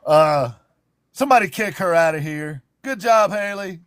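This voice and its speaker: A man's voice: high-pitched, expressive, moderate pace, fairly bright tone. A man with a Southern drawl hosting a livestream talk show, playful and teasing and laughing often. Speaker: host.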